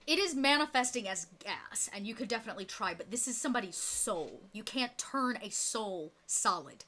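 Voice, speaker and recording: A woman narrating a tabletop role-playing game as game master, descriptive and quick to laugh. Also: a little high, a little hiss or hum. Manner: lively, descriptive, laughs often.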